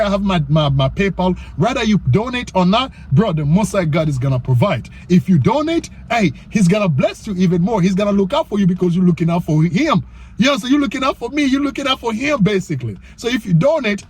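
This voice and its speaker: A man teaching the Bible informally, slangy and repetitive, slowing down to read verses and growing loud and excited. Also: high-pitched, slight background noise. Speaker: online preacher.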